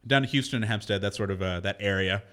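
A man's voice: lowish voice, fast, fairly bright tone. Chatty, laughing male radio host. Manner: chatty, laughs often, rambling storyteller. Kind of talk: casual radio banter.

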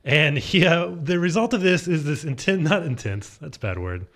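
A man's voice: fairly high pitch, lively intonation, moderate pace, a bit bright. A man hosting a radio show from a studio, telling funny stories and acting out the other people in them. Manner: joking storyteller, acts out dialogue. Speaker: radio host. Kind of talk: casual radio banter. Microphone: studio headphones and mic.

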